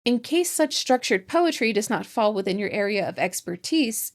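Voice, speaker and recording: A woman hosting a language channel, reading a scripted lesson in a measured, precise way. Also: medium pitch, animated. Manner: measured, precise explanatory delivery. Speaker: etymology channel host. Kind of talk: scripted educational narration.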